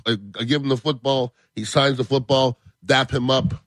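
A man's voice: mid-range voice, moderate pace, dry recording. A man, a former football player, guest on a radio show, telling casual stories with quoted voices. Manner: animated anecdotes with quoted voices. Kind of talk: casual radio talk, storytelling. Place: radio studio.

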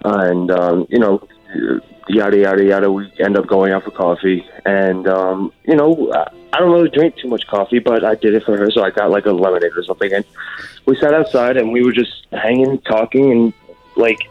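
A man's voice: on the low side, fairly quick. Hesitant male caller on a dull line. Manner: hesitant and rambling, many fillers. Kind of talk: telling his story on a call-in show.

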